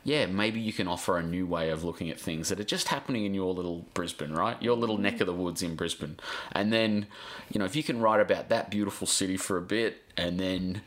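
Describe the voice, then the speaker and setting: Heartfelt Australian man, low voice. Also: brisk. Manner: rambling, heartfelt, swears casually, restarts a lot. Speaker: guest journalist. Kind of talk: emotional podcast interview.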